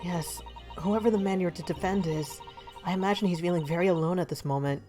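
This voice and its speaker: A woman voicing a spirited, polite young female assistant in a game, lively and cheerful. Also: on the low side, fairly quick, faint music behind, close to an everyday voice. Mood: earnest.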